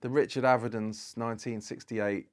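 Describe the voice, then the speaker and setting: This man's voice is mid-range, steady in tone and moderate in pace. A British podcast guest, he chats casually while telling a long story, rambling and acting out the dialogue himself.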